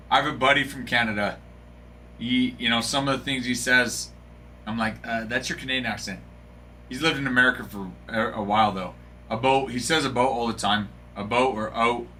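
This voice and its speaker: A man's voice: medium pitch, bright, forceful tone, a little hiss or hum. A man hosting a live card break stream, joking and bantering casually with viewers.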